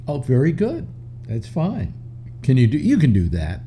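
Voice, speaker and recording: An older man hosting a call-in talk show, chatting casually with a stuffy nose and many halting restarts. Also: mid-range voice, wildly swooping pitch, warm tone, a little hiss or hum. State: stuffy nose, slightly short of breath. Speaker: radio talk show host. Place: home studio in New York.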